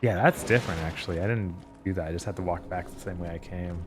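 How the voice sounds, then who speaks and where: A man casually commenting on his own play during a gaming stream, with low-key remarks. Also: quick pace, music in the background. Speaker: streamer playing the game.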